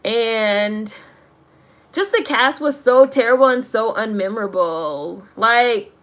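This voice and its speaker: Talking slowly in a fairly bright, slightly high voice, a woman vents to her stream chat about a film. She curses, sounds exasperated, laughs mid-rant, and fills her speech with "like".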